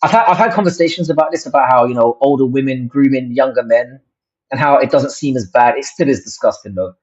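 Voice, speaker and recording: A man's voice: medium pitch, quick pace, a little mellow. Sweary rambling man on a stream. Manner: rambling and sweary, many restarts. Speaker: livestream host. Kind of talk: casual livestream chat reacting to comments. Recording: dull lo-fi stream audio.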